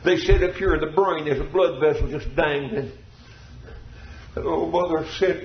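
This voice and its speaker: A man preaching an old-time revival sermon with a high, ringing voice that keeps climbing into fervent shouts and sung phrases. The recording sounds dull and lo-fi, as if taped on modest gear. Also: moderate pace, a little hiss or hum. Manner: fervent, shouting and half-singing in surges.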